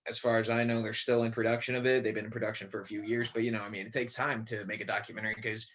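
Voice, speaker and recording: A man's voice: on the low side, level tone, racing, a bit bright. A man about twenty from Connecticut, a young actor chatting as a podcast guest, rambling with many fillers and restarts. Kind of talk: casual podcast interview.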